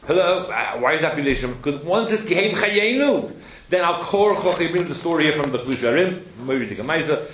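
A man's voice: on the high side, fairly quick. A man teaching a Torah class, telling stories with plenty of Hebrew and Yiddish terms and often asking "hello?" to prod his listeners. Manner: animated storyteller, asks "hello?" to prod listeners. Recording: echoey room with faint noise.

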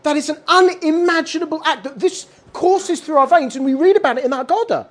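A woman teaching a lively Torah lesson, asking many rhetorical questions and mixing in Hebrew terms. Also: high-pitched, fairly quick.

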